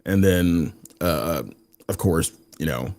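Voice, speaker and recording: A man's voice: low voice, takes it slowly, a little mellow. A man co-hosting a casual gaming podcast in a laid-back way, swearing casually. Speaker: podcast co-host.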